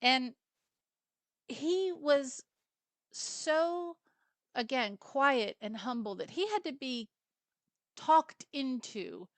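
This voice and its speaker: A woman's voice: sits high, lively intonation, very slow, pauses often, no room sound. Chatty woman hosting a film chat. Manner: chatty, rambling, with many asides and fillers. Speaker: film club host. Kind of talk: casual film review chat.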